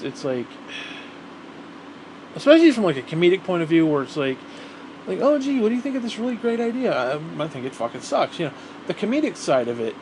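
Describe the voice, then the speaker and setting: A man's voice: medium pitch, background noise. A man ranting to the camera in a rambling, profane monologue, repeating himself as he grows heated. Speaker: vlogger.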